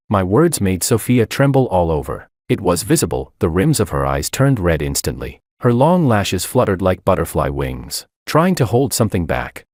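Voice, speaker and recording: A man narrating a dramatic first-person story in a very deep voice. His reading is expressive, with pitch rising and falling widely, and the sound is dry and close. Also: dry recording.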